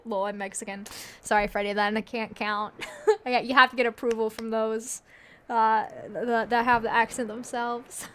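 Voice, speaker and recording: Woman, fairly high voice, chatty game streamer, giggly, reads story text aloud. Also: fairly even intonation, normal speed, a bit bright. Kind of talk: casual game commentary and reading game text aloud.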